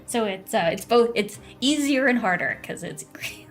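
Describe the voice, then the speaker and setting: A woman's voice: on the high side, expressive, normal speed, faint music behind. Bubbly woman streamer chatting while gaming. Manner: chatty and bubbly, laughs often, many fillers. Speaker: game streamer. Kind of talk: casual live-stream chat while gaming.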